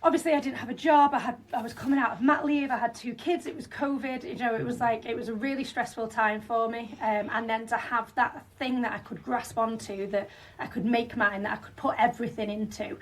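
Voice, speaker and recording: A woman's voice: a little high, steady tone, brisk, recorded from a distance, a little hiss or hum. A woman in her thirties with a Northern English accent, a franchisee telling her story in a podcast interview, chatty with fillers and restarts. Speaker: franchisee guest.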